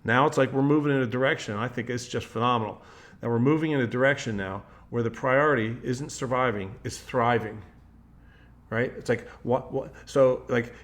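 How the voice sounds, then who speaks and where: A man's voice: medium pitch, normal speed. A man speaking in a casual, rambling monologue as a motivational speaker, often restarting sentences and switching into quoted voices. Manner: rambling, with frequent restarts and "like" fillers.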